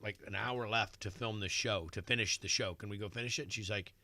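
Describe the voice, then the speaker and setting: A middle-aged man, a guest in a radio studio, telling an animated story and acting out what other people said. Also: fairly low pitch, brisk, no echo. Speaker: celebrity chef guest.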